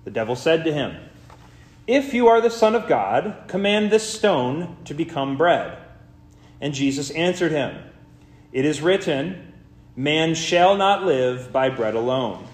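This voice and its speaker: Male pastor, earnest sermon and gospel reading, deliberate unhurried delivery, roomy church reverb. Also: on the high side, lively intonation. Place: church sanctuary. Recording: echoey church room.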